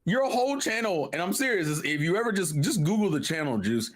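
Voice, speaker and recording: A man's voice: sits high, big pitch swings, a little fast. A man co-hosting a casual gaming podcast, exasperated and emphatic. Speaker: podcast co-host.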